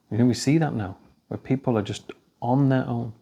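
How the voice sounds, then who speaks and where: A man's voice: medium pitch, fairly quick, vocal fry, warm tone, slight background noise. A man giving a conversational religious talk, telling stories and acting out the dialogue. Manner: anecdotal, conversational, acts out dialogue. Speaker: speaker at a talk.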